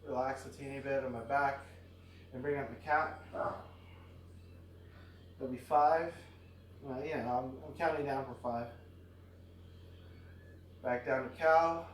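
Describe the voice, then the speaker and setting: A man talking casually through his exercise routine, relaxed and rambling with lots of fillers, sounding tired after exercise. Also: mid-range voice, takes it slowly, pauses often, echoey room, distant mic, slight background noise. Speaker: fitness vlogger. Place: at home near a backyard.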